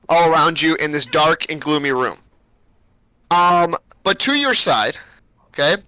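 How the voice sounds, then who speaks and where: A man runs a tabletop game session, rambling casually through his narration with plenty of ums and uhs. His voice sits high and bright, and the sound is close and dry. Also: smooth, no room sound, rough recording. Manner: casual, rambling, with many fillers and laughs. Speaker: game master.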